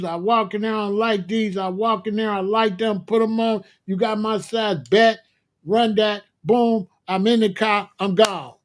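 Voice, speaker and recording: A man hosting his own channel, delivering a loud, profane, mocking comic rant in slangy streetwise talk. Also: high-pitched. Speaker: commentary host. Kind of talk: comedic rant.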